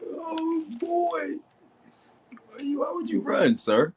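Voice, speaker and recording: A man's voice: extremely high pitch, huge pitch swings, takes it slowly. A man hosting a casual debate stream, mocking his opponent and reading sources aloud with heavy emphasis.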